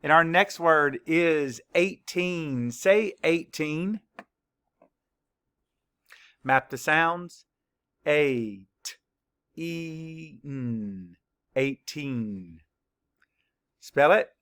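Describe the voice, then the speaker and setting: A man teaching a children's spelling lesson, spelling words slowly, letter by letter, with clear, patient instructions. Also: on the high side, expressive, fairly bright tone. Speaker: third-grade teacher.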